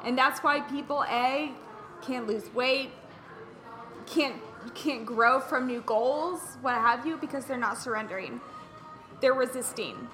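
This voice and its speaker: A woman hosting a casual wellness podcast, telling stories in an animated way and acting out what people said. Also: high-pitched, slow pace, soft background music. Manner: animated storyteller who acts out quotes. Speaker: podcast host.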